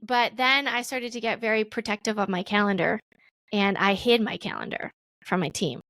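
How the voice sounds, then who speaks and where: Woman, 30s, podcast guest; casual and animated, voices her past self with big pitch swings; dry recording. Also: normal speed, no echo. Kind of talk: casual storytelling interview.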